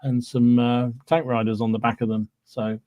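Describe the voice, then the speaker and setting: A man's voice: medium pitch, level tone, moderate pace, warm tone, dry recording. A man co-hosting a casual hobby podcast, chatting loosely with plenty of fillers. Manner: chatty, full of fillers and "there you go". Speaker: podcast co-host.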